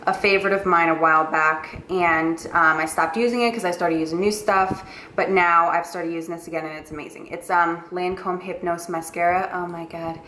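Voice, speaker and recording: A woman's voice: on the low side, steady tone, normal speed, few pauses, bright, forceful tone. A young woman with a New York accent, a makeup artist chatting through her monthly favorites in a gushing, filler-heavy way. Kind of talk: casual monthly favorites vlog. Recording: roomy echo with faint noise.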